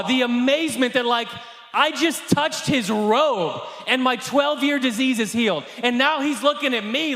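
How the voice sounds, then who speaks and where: A man with a very high voice preaches a sermon at a church service. He is impassioned and pushes key phrases into shouts. His voice rings through a roomy hall with a long echo. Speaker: pastor. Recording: echoey hall reverb.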